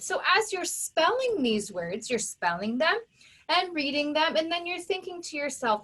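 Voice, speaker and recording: Her high-pitched, somewhat bright voice swings widely in pitch as this teacher records a phonics lesson for kids. She guides them patiently step by step, sounding out each phonics sound with deliberate care.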